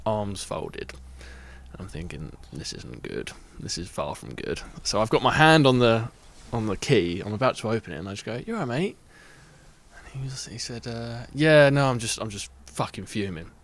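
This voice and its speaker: A man, a podcast guest telling a long anecdote in casual chat, swearing freely and acting out the voices of the people in it. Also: on the low side. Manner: animated, acts out voices in anecdotes, laughs often.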